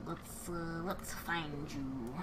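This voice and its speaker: A woman's voice: low voice, fairly even intonation, very slow, very noisy. A woman game master on a live stream, joking casually, swearing, and filling her talk with "uh.". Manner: filler-heavy, joking, swears freely.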